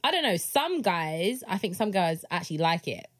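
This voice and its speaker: A young woman co-hosts a casual podcast chat at a moderate pace. She's animated, acting out quotes with big jumps in pitch.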